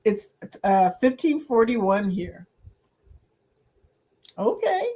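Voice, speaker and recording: A woman's voice: on the high side, sing-song, drawn-out words, dark tone. A woman hosting a casual livestream chat, laughing often and reading viewer comments aloud. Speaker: livestream host.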